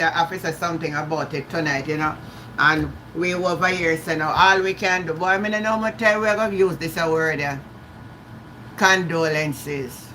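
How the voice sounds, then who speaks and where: A woman's voice: on the low side, bright, forceful tone, a little hiss or hum, poor audio. A Jamaican woman hosting a live stream, chatting casually, greeting viewers by name and slipping into patois. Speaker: livestream host.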